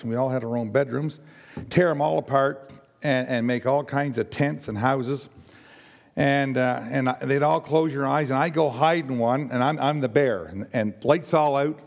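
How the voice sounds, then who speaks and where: Raspy older man telling his testimony. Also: medium pitch, long reverb tail. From Nova Scotia. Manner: rambling, halting storyteller with many fillers and restarts. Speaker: church member giving testimony. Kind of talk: personal testimony to a congregation.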